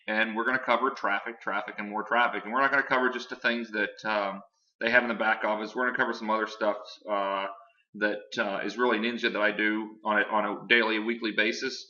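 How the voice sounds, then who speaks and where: A man giving a casual, filler-heavy online sales pitch while showing his screen. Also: bright, forceful tone, muffled recording. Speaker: online marketing presenter.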